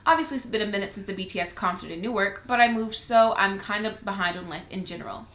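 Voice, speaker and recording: Excitable young woman podcaster, bright voice. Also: mid-range voice, fast talker. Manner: excitable, laughs often, swears freely. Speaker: podcast co-host. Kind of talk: casual podcast chat, reading a listener letter aloud. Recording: roomy echo.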